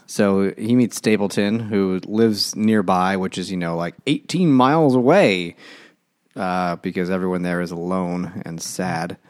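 A man co-hosting a casual podcast, retelling a book with crude jokes and quick voiced asides. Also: low-pitched, darkish tone. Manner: crude, jokey, acts out characters while recapping. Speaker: podcast co-host. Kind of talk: casual chat.

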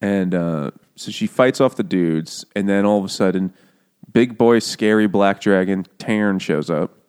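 A man's voice: low-pitched, a little mellow, clear, resonant tone. A man casually and sarcastically retelling a fantasy novel's plot, swearing and briefly acting out the characters. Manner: sarcastic, profane, acts out characters in quick voices. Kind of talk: casual comedic book recap.

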